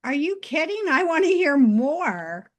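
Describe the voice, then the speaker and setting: A woman's voice: high-pitched, very animated, measured pace. A woman hosting an interview who keeps the talk going with eager, brief interjections. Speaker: host. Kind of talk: casual interview chat.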